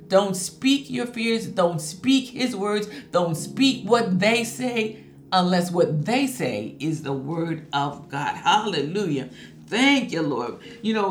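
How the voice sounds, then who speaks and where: A woman preaching a sermon, reading scripture and saying hallelujah often. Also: fairly low pitch. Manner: emphatic preaching, reads scripture, frequent hallelujahs. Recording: echoey room with faint music. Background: faint music.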